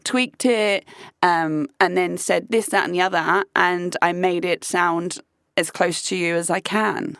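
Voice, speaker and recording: A woman's voice: lowish voice, fairly even intonation, measured pace, gravelly, a bit bright, smooth, dry recording, studio quality, voice pushed down. A woman doing a hesitant, offhand young guy. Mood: explaining. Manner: hesitant, mumbling with fillers. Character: casual young man, offhand and matter-of-fact.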